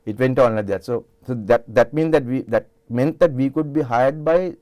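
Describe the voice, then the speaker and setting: During a casual storytelling interview in a television studio, an older singer with a Sri Lankan English accent talks at a moderate pace with a warm, mid-range voice. His stories ramble, with many restarts.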